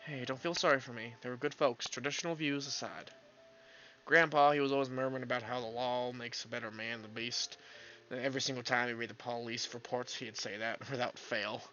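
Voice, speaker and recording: A man's voice: medium pitch, fairly even intonation, fairly quick, sharp tone, dull audio, soft background music, close to an everyday voice. A man reading as Riker, a young detective. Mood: earnest. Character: Riker, earnest young male 1930s detective.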